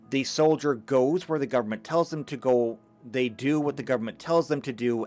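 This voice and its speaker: A man giving a live lecture, talking emphatically and stumbling over a few restarts. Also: mid-range voice. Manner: animated, emphatic, with occasional stammered restarts. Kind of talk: live lecture reading chat comments.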